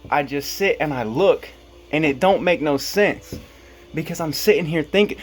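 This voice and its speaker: Husky-voiced man ranting casually. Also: on the high side, lively intonation, moderate pace, faint music behind. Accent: Black American English. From Kansas, USA. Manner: rambling, profane, laughs at his own jokes. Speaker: vlogger. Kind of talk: casual monologue.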